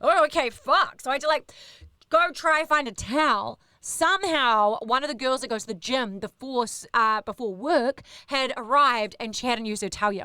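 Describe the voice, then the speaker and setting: A woman in her thirties with a New Zealand accent, a radio host telling animated, sweary backstage stories in casual chat. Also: a little high, moderate pace, clear, resonant tone, no room sound, studio quality. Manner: animated, swears, acts out others in quoted voices. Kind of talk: casual storytelling.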